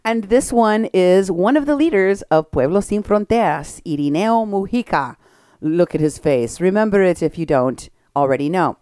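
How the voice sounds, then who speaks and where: A woman hosting an opinionated political commentary show, talking briskly and sarcastically and laughing at her targets. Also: fairly low pitch, lively intonation, dark tone, clean tone, dry recording, clean studio sound.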